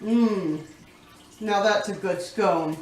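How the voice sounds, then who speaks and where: A woman's voice: mid-range voice, slow pace, darkish tone, a little hiss or hum. A woman chatting casually in a home kitchen cooking vlog, giggling and talking to her pets as she bakes. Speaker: cooking vlogger. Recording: echoey room, somewhat far from mic.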